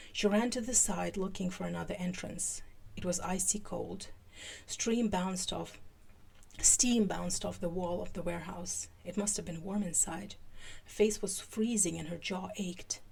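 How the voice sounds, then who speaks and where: A podcast host reads fan fiction aloud live; her voice sits on the low side and has a creaky quality. The delivery is lively until she stops for asides, where she grows halting.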